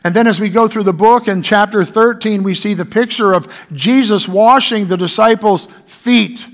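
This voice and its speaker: High-voiced man preaching a sermon. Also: moderate pace. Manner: reads scripture aloud, then preaches with rising emphasis. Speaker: pastor. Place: church.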